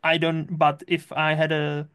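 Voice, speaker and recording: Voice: mid-range voice, monotone, fairly bright tone, clear, resonant tone. Chatty podcast host. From Czech Republic. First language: Czech. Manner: chatty, laughs often, quick asides. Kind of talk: casual chat.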